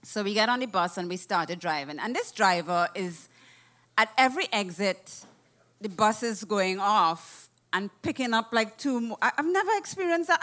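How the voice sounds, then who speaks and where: A woman telling a personal travel story in a casual, animated way, swearing freely. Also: mid-range voice, moderate pace. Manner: animated, profane, acts out quoted voices.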